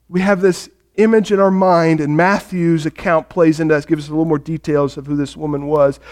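A male pastor preaching a sermon and retelling a story with drama, speaking directly to the congregation. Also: sits high.

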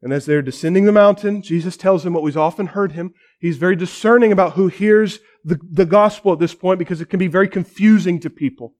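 Male pastor, sermon, lively dramatic storyteller, fairly high voice, uses quiet drops for emphasis. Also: fast, hardly any pauses.

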